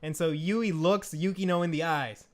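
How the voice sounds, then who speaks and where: Animated man with a higher voice. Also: normal speed. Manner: animated, swears, shouts when excited. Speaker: co-host. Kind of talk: casual anime discussion.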